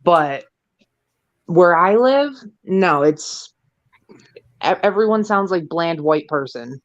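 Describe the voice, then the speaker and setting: Slow-talking, sarcastic woman co-host. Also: on the low side, animated, no room sound, dull audio. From New York State. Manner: sarcastic, teasing. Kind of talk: casual chat.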